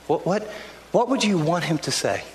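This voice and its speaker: A long hall reverb, faint ambience, and a little hiss or hum surround this older pastor as he preaches in the church sanctuary. His voice is on the high side, animated and a little mellow at a moderate pace, and he's earnest and conversational, repeatedly restarting sentences.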